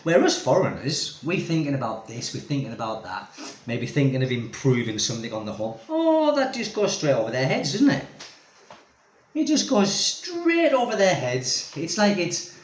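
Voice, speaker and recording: A man's voice: a little high, very animated, moderate pace. A man vlogging as an expat, ranting casually to camera in a rambling, exasperated way full of tag questions. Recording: echoey room.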